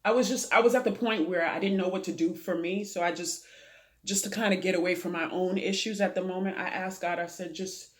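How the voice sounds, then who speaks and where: A woman's voice: lowish voice, steady tone, a little fast. A woman guest on a talk show who talks earnestly about faith, prayer and her late father, giving advice the way a preacher would. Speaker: interview guest. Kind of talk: heartfelt testimony in a talk show interview.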